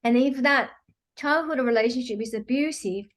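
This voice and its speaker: Brief: woman healer explaining her practice, earnest, slightly higher pitch, loose filler-heavy phrasing. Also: moderate pace. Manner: earnest, many "you know" fillers, acts out quotes. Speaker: quantum healing practitioner, guest. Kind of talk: explanatory interview talk.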